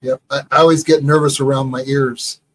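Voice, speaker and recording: A co-host in casual chat who mostly answers with quick agreement and sometimes stammers through restarts. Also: medium pitch, level tone, poor audio.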